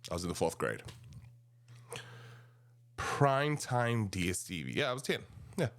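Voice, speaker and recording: A man in his thirties with a South African accent, rambling and animated as he tells casual stories about his past. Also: lowish voice, moderate pace. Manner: rambling, animated, restarts often. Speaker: podcast host. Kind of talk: casual storytelling monologue.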